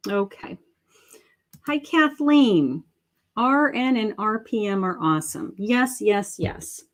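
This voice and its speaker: Woman psychic medium, middle-aged, unhurried, halting speech, live tarot reading. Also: mid-range voice, expressive. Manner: slow, halting, with many fillers and terms of endearment. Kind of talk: live-stream card reading.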